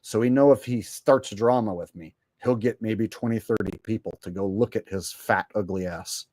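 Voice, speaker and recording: A man's voice: fairly low pitch, moderate pace, darkish tone, dry recording, clean studio sound. Profane ranting male streamer. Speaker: streamer host. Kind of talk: casual live stream rant.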